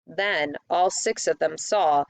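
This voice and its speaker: A woman narrating a children's fantasy book in a steady audiobook reading. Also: sits low, slow, no echo.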